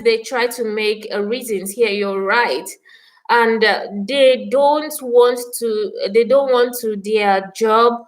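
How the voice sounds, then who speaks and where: A Nigerian woman talks straight to her live-stream viewers, her voice sitting a little on the high side. She is passionate and indignant and keeps repeating her phrases to press her point. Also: low-quality recording. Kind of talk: impassioned live-stream talk answering viewer comments.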